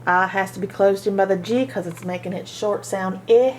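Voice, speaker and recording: A woman teaching a phonics lesson to children, sounding out each word slowly, syllable by syllable. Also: medium pitch, little pitch movement, slight background noise. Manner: slow, sounding out syllables one by one. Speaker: reading teacher.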